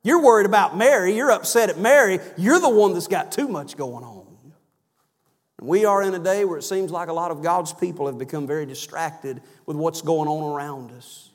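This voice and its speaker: A man preaching a sermon in church, swinging from loud emphatic cries down to low, soft phrases. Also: normal speed. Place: church sanctuary. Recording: long church reverb.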